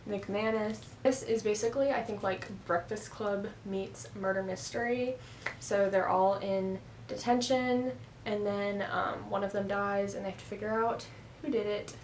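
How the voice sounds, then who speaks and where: A woman's voice: medium pitch, steady tone, a little slow, a little hiss or hum, poor audio. A young woman in a casual book haul vlog, chatting at home into a camera on a stand and filling her talk with "like". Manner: chatty, rambling, heavy use of "like". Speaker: book vlogger. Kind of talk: casual chat.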